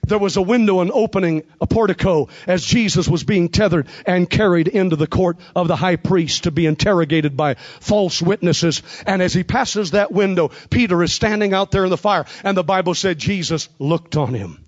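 A man preaching an impassioned revival sermon, with rhythmic repetition and bursts of shouting. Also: high-pitched, moderate pace, hardly any pauses, muffled recording.

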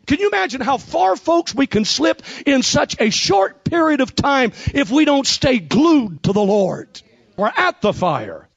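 A man preaching an impassioned revival sermon, with rhythmic repetition and bursts of shouting. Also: extremely high pitch, sing-song, a little slow, gravelly, lo-fi sound.

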